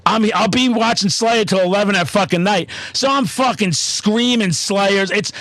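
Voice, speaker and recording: A man's voice: sits high, moderate pace, dry recording. A man telling stories in casual chat, swearing constantly and getting worked up. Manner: profane, excitable storytelling. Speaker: podcast host.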